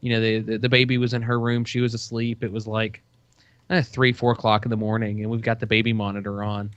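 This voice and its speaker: A man's voice: fairly low pitch, flat delivery, fast, fairly bright tone, no room sound. A man in casual podcast chat, telling a long story with plenty of "you know" and "uh". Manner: rambling storytelling, many fillers. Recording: dull dry lo-fi sound.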